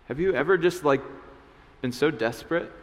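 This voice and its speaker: A man's voice: fairly high pitch, normal speed. Guy preaching a laid-back sermon, talks like a chat, lots of restarts, big echoey church hall. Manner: conversational, many restarts and fillers, acts out voices. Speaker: pastor. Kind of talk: casual sermon. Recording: long hall reverb.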